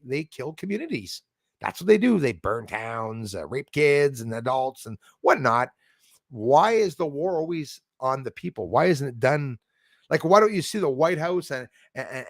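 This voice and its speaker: A man's voice: medium pitch, no room sound, clean studio sound. A man from Canada hosting a casual livestream, talking in a rambling, heated, blunt way with many restarts. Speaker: livestream host reading chat.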